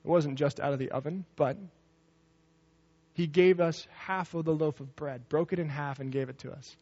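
A man's voice: fairly high pitch, steady tone, normal speed, darkish tone. A man preaching a sermon, telling a personal story and acting out the voices of people in it. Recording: dull lo-fi recording.

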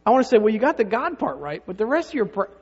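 Guy preaching a sermon, chatty storyteller, high voice, kinda dull lo-fi sound. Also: sing-song, racing, breathy edge. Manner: conversational storytelling with rhetorical asides. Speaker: pastor. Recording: reverberant hall, dull lo-fi sound.

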